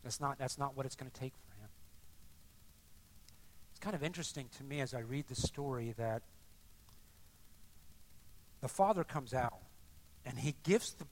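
An older man preaching a sermon in a conversational, animated way, often acting out the people he describes. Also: mid-range voice, normal speed, pauses often, a little hiss or hum. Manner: animated, conversational, acts out voices. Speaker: pastor.

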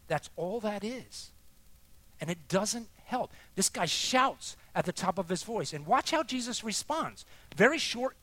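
A man preaching a sermon, expressive and emphatic, dropping soft and then rising for emphasis. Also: fairly high pitch, no echo.

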